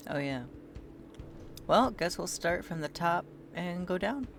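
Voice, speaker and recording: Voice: medium pitch, lively intonation, slow, vocal fry, faint music behind. A streamer talking casually while playing a game, with chatty asides.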